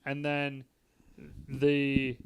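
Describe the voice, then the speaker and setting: A man's voice: medium pitch, extremely slow, clear, resonant tone, no echo. A man co-hosting a podcast, chatting loosely and animatedly about a movie. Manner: loose, animated, swears casually. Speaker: podcast co-host. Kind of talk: casual movie review chat.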